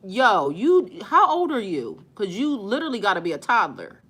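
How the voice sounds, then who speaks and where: A middle-aged woman hosts a spiritual live stream, talking back bluntly and with sass to viewers' comments, and her voice climbs loud and high whenever she gets worked up. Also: wildly swooping pitch, moderate pace, breathy edge.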